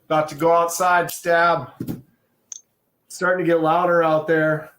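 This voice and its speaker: A man's voice: fairly high pitch, flat delivery, slow pace, fairly bright tone, reverberant, poor audio. A man chatting casually on a livestream from his garage into a phone, rambling and thinking aloud with easy chuckles. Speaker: livestream co-host. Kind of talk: casual chat. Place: garage, indoors.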